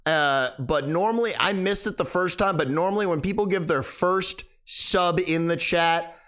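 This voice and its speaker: A man's voice: sits high, moderate pace, a bit bright. A man streaming a game live, chatting casually, rambling and thanking viewers.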